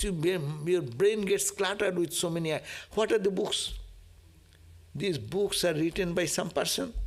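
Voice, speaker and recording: Monk man, bit high voice, gravelly, laughs a lot while explaining scripture. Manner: reads aloud then explains in a chatty way, asking "no?"; laughs often and acts out prayers. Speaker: monk teaching a scripture class. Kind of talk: scripture reading with commentary.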